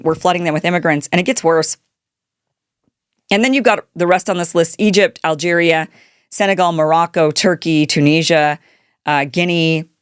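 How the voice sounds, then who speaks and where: A woman's voice: low voice, clear, resonant tone, no echo, clean studio sound. A woman hosting a political commentary show, talking off the cuff in an indignant tone, firing rhetorical questions and restarting her sentences. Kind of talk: unscripted political commentary monologue.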